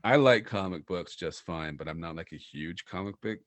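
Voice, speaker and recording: A man's voice: low voice, normal speed, no room sound. A man co-hosting a podcast, telling casual stories with lots of fillers and laughing often. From Utah. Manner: animated storyteller, laughs often, many fillers. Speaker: podcast co-host. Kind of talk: casual chat, storytelling.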